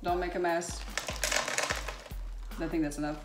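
A woman's voice: lowish voice, little pitch movement, unhurried, close to an everyday voice. A woman playing a short-tempered, teasing teenage boy who scolds his friend in a cosplay skit, recorded in a home kitchen. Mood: exasperated. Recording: echoey kitchen with background music.

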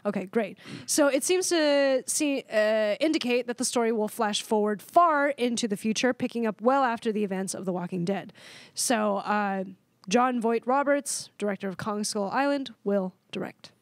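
A woman co-hosting a casual podcast, reading out a news item with halting fillers. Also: a little high, no echo. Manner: chatty, reads with halting fillers. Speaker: podcast co-host.

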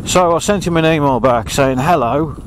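A man's voice: a little high, moderate pace, a little hiss or hum, poor audio. An English man chatting as he rides along an old railway path, grumbling and joking at himself. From England. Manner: chatty, grumbling, self-mocking. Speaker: vlogger. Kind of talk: casual running commentary while riding.

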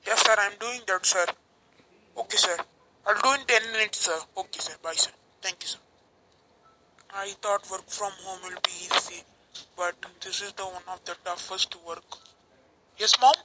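A woman's voice: medium pitch, steady tone, moderate pace, pauses often, background noise. A woman who voices a worker in a homemade cartoon, reading her lines plainly. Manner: plain, simple line reading.

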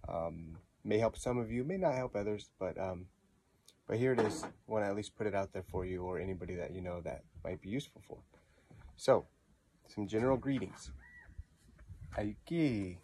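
A man giving a patient pronunciation lesson, repeating words slowly to model how they sound. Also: fairly low pitch, dark tone, slight background noise. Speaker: language teacher.

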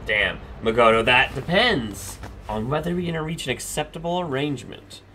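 A man casually commenting on a video game as he plays, excitable and swearing freely. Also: mid-range voice, normal speed, slight background noise. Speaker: gaming channel host. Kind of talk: let's play commentary.

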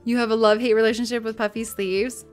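Chatty woman streamer, slightly high voice. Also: flat delivery, fast talker, faint music behind. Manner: chatty and upbeat, laughs often. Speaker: live streamer. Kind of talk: casual chat while playing a life-sim game.

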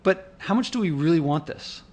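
A man with a fairly high voice narrates over his own footage in a loose, unscripted way. He sounds indignant and worked up, rambling and thinking aloud with restarts. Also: expressive, normal speed, darkish tone. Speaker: vlogger. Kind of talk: casual narrated commentary over park footage.

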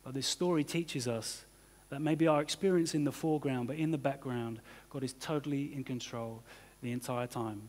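The voice here is a man's, medium in pitch, a little mellow, and moderately paced. As pastor, he preaches a sermon in a casual way with frequent "you know" and "kind of," recorded with church hall reverb.

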